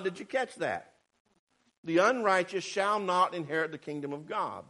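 A man preaching a sermon, fervent and swinging between shouted warnings and quiet asides. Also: high-pitched, normal speed. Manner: fervent, rising to shouts, then quiet and sarcastic.

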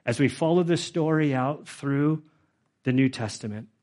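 A middle-aged man preaches in a loose, conversational way, full of fillers, and turns earnest and emotional. His voice sits at an ordinary middle pitch. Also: moderate pace, a little mellow. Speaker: pastor. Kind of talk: sermon.

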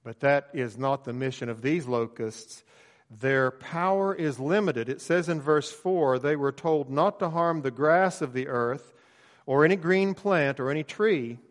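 A man's voice: fairly high pitch, a little slow. Man preaching in a reverberant hall. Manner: relaxed storytelling with frequent fillers. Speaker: pastor. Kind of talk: sermon.

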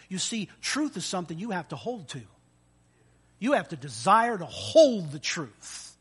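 A man preaching a sermon, animated and playful, acting out little scenes with voices and sound effects. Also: sits high, normal speed, husky. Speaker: pastor.

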